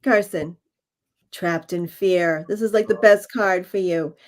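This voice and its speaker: A woman co-hosting a spiritual livestream and reading cards in casual chat over a video call, laughing easily and talking in halting phrases. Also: lowish voice. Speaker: co-host and card reader.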